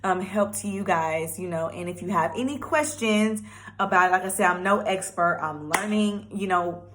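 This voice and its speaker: A young woman vlogger telling a personal testimony in a chatty, animated way, with lots of fillers. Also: lowish voice, normal speed, slight background noise.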